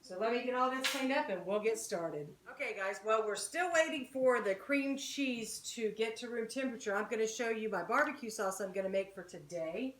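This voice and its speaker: A woman's voice: a little high, moderate pace, few pauses, a little hiss or hum. A woman hosting a home cooking video, chatting casually to her viewers as she walks them through a recipe. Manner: chatty, talks straight to viewers as "guys" and "y'all". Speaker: home cooking channel host. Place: home kitchen. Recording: roomy echoey kitchen.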